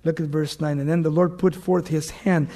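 A middle-aged man preaching with a notably high-pitched voice. He tells stories with fillers and restarts, shouting some lines with force and dropping others to a hushed, intimate tone. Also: little pitch movement, normal speed. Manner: swings from loud emphatic bursts to soft hushed tones; storytelling with anecdotes, fillers and restarts. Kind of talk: sermon.

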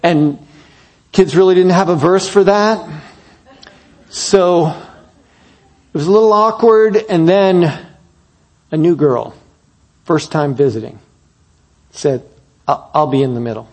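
A man preaching a sermon, telling a story that builds to emphatic peaks and drops to soft, quiet moments. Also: high voice, expressive, slow, long pauses.

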